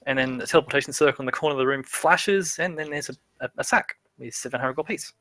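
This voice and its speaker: Bright-voiced male game master. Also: quick pace, dry recording. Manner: stammering restarts, voices townsfolk in a raised pitch. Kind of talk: narrating a livestreamed tabletop game.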